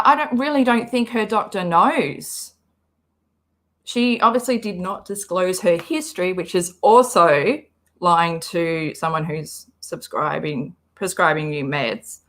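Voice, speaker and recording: A woman's voice: mid-range voice, a bit bright. A woman hosting a live reaction stream, chatting casually and rambling as she reads the chat aloud. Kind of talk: casual livestream commentary.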